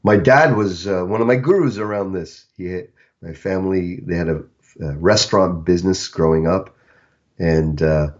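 Brief: reflective male coach guest, low voice, muffled lo-fi recording. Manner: reflective, storytelling, slows down on key words. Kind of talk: casual podcast conversation. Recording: dull lo-fi recording.

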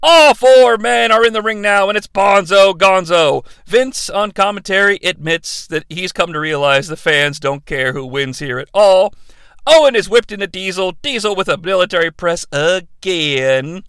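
A man hosting a comedic play-by-play recap, jokey and excitable, now and then bursting into shouted calls. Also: high-pitched, normal speed, vocal fry, clear, resonant tone, dry recording. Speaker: podcast host recapping wrestling.

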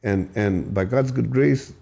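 A man's voice: mid-range voice, a little slow, gravelly, mellow. A man telling his recovery story in an emphatic, profane, emotional way, often repeating and restarting his words. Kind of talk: candid storytelling.

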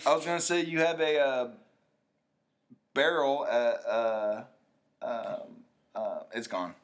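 A man's voice: mid-range voice, steady tone, takes it slowly. A man co-hosting a podcast in casual chat, playful and laughing a lot, losing his train of thought as he talks. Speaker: podcast co-host.

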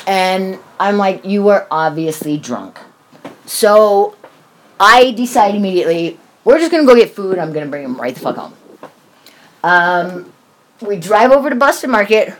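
A woman in her forties telling a story in casual chat, swearing often and acting out what people said. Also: medium pitch. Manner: animated, swears often, acts out quoted voices.

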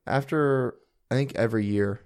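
A man's voice: mid-range voice, normal speed, darkish tone. A young man co-hosting a podcast in casual chat, joking and swearing freely. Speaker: podcast co-host.

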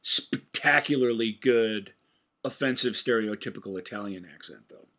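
Bright-voiced man telling a rambling story. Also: lowish voice, normal speed. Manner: rambling, storytelling, laughing often. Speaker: podcast co-host. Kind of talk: casual chat about movies.

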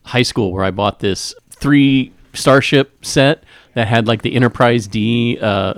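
A man's voice: mid-range voice, unhurried, dry recording. A man co-hosting a casual podcast, telling stories in a chatty way with groans. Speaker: podcast co-host.

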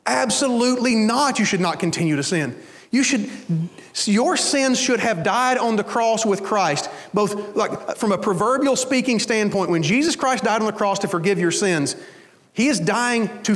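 A man with a high voice preaches a Sunday sermon, talking to his congregation in a loose, conversational way and often asking if they follow. His voice carries a long hall reverb from the church sanctuary. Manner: conversational preaching, asks the congregation "you understand?". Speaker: pastor.

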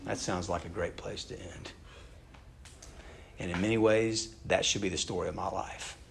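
A man's voice: deep voice, steady tone, moderate pace, vocal fry, a little hiss or hum. A man preaching a conversational, earnest sermon, asking his listeners questions as he goes. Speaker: pastor.

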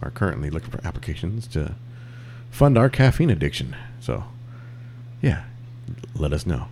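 A man's voice: very deep voice, sing-song, moderate pace, dark tone. Man, podcast co-host, laid-back, profane, joking, faint ambient hiss. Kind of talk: casual podcast banter.

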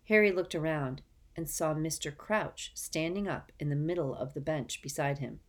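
A woman reading a storybook aloud in a measured, even narration. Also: deep voice. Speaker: audiobook reader.

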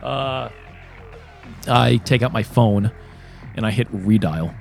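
A man playing a tabletop game, talking bluntly and profanely in quick bursts with frequent restarts. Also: fairly low pitch, creaky, soft background music. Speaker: player. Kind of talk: casual tabletop game play.

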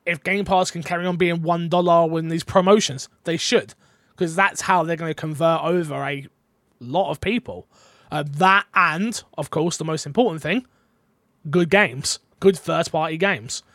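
A man's voice: fairly high pitch, moderate pace, fairly bright tone, no room sound, studio quality. A man hosting a casual gaming podcast, talking in a rambling, hesitant way full of fillers. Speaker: podcast host.

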